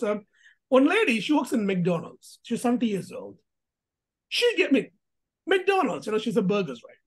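A female host delivering casual vlog commentary with emphatic punches and rhetorical questions. Her voice sits a little high with a husky, breathy texture, and her pitch leaps about constantly. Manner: animated, emphatic, with frequent restarts and rhetorical questions.

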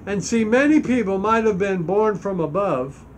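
A man's voice: high voice, lively intonation, moderate pace, a little hiss or hum. A man preaching, reading scripture aloud and stressing its key points. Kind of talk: Bible teaching sermon.

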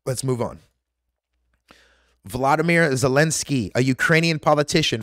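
A man's voice: mid-range voice, moderate pace, pauses often, a bit bright, no echo, clean studio sound. A man delivering an aggressive, profane, preachy rant straight to his viewers as a vlogger. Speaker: conspiracy vlogger. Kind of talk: ranting monologue to camera.

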